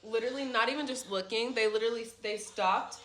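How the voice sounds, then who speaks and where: A young woman telling a rambling, animated story about her family's trip in a casual vlog at home, with swearing and side remarks. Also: fairly high pitch, fast talker. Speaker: family vlogger. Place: at home in a rental apartment.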